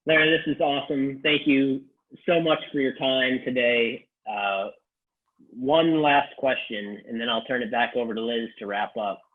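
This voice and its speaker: A man's voice: mid-range voice, moderate pace. Man on a tinny phone-like line. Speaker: interview host. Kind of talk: casual interview. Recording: phone-like thin audio.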